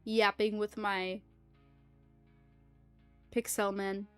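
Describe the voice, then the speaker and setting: A young woman livestreaming, telling a rambling, animated story full of fillers, swearing and laughter. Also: medium pitch, very slow, smooth, soft background music. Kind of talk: casual storytelling chat.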